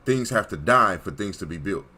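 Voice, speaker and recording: A man's voice: deep voice, animated, moderate pace, bright, forceful tone, slight background noise. Preachy man lecturing emphatically. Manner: emphatic, repetitive, checks in with "Okay?". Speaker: online commentator. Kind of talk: preachy monologue.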